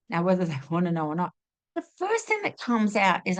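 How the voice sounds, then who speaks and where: A woman giving a spiritual teaching talk, asking rhetorical questions and acting out inner voices in an expressive way. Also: lowish voice, fairly quick. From Australia.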